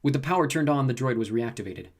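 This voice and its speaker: A man narrating a sci-fi audiobook in a brisk storytelling manner. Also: mid-range voice, lively intonation, a little mellow. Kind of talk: scripted narration.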